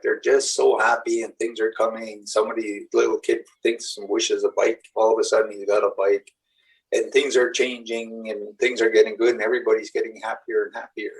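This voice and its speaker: A man's voice: lowish voice, creaky, recorded from a distance, low-quality recording. Earnest rambling male spiritual teacher. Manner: rambling, earnest storytelling with acted-out quotes. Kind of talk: live group teaching talk.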